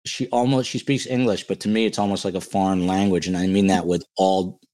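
A man's voice: low voice, fairly even intonation, fairly quick, mellow. A man hosting a podcast livestream in a casual, joking, playfully boastful way, with a New Jersey accent. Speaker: podcast host.

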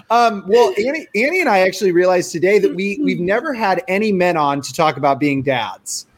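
A young man co-hosts a podcast in loose, joking chat. His voice sits a bit high, and he keeps restarting his sentences. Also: expressive, moderate pace. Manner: jokey, rambling with restarts. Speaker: podcast co-host. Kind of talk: casual chat.

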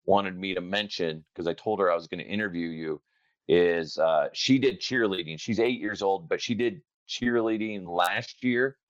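Deep-voiced stammering male host. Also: normal speed, no room sound, highs cut off. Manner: friendly, stammers on starts. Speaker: podcast host. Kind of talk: casual interview chat.

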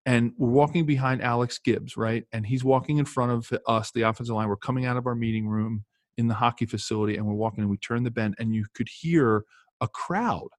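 A former football player telling lively anecdotes in casual chat, with many fillers and restarts. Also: male voice, medium pitch, brisk, dry recording.

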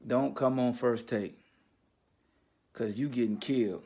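A man hosting a sports podcast, riffing in an animated, slangy, mocking way. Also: mid-range voice, unhurried. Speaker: podcast host. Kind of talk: casual sports commentary monologue.

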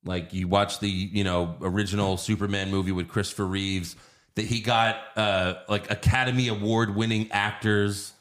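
A man in his thirties co-hosting a casual movie review podcast, profane and animated, slipping into quick impressions. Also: on the low side. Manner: profane, animated, mimics actors in quick bursts. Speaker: podcast co-host.

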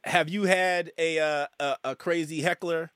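Host guy, pretty high voice, trips over his questions, dry close sound. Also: steady tone, a little slow, fairly bright tone, smooth, no echo. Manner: stumbling, restarts questions. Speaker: podcast host. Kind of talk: casual interview chat.

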